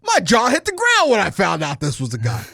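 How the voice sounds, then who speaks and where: A man's voice: high voice, huge pitch swings, a little fast, gravelly, bright, forceful tone, dry recording, clean studio sound. A man co-hosting a casual podcast, ranting emphatically and swearing often. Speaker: podcast co-host.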